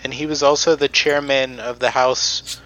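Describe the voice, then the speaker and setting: A man's voice: mid-range voice, level tone, normal speed, bright, forceful tone, rough recording. A man on a podcast presenting research in casual chat, with many ums and restarts.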